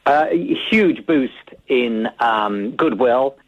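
A male correspondent calling in over the phone, giving measured, thoughtful analysis with many hesitations. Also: medium pitch, lively intonation. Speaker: foreign correspondent. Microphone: phone line. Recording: tinny phone line.

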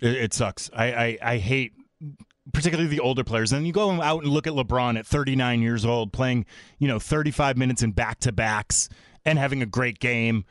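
A man's voice: mid-range voice, normal speed, no room sound, studio quality. Blunt, opinionated sports radio man. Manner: opinionated, blunt, animated rants. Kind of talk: sports talk radio chat.

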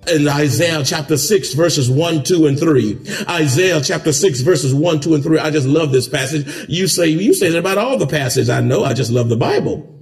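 A male pastor preaching a sermon, building from steady teaching to shouted emphasis. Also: normal speed, soft background music. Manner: preaching with big pitch swings, rising to shouts.

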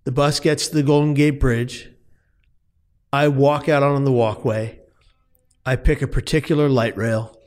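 As a guest in an interview, a man with a medium-pitched voice tells a personal story earnestly and emphatically. He frequently restarts his words.

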